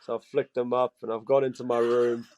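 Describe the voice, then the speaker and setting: Lively Geordie man telling stories. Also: mid-range voice, fairly quick, highs cut off. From England. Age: 20s. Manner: animated, laughing, acts out quoted voices. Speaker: guest. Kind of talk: casual storytelling chat.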